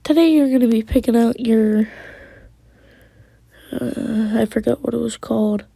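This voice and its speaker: Slow, dry-sounding woman, slightly high voice, casual storyteller who drops into whispers. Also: vocal fry, warm tone, no echo. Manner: rambling, quoting characters with "he's like". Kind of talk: casual fan story retelling.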